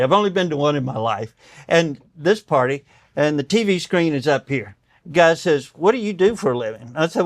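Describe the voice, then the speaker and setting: Clean studio sound in a dry recording captures an older man's slightly high voice. He's a doctor and guest who tells stories conversationally, acting out quoted voices with animation, and tears up.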